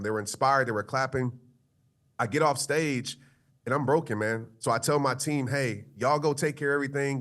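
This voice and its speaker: A man's voice: medium pitch, fairly bright tone. A male motivational speaker telling a personal story in an interview, earnest and conversational, with frequent fillers.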